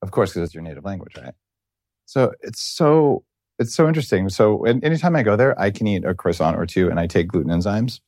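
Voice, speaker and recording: A middle-aged man with a fairly low voice hosts a loose interview, wandering from point to point and restarting his sentences. The sound is dry and close to the mic. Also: animated, a little fast, darkish tone, dry recording. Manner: rambling, tangential, self-interrupting. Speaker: podcast host. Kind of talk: casual interview chat.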